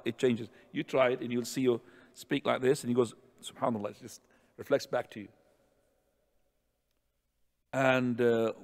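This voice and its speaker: Man teaching in a reverberant hall. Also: medium pitch. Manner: non-native English phrasing, demonstrates chanted phrases. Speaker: religious teacher. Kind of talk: explaining and demonstrating practice. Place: mosque hall.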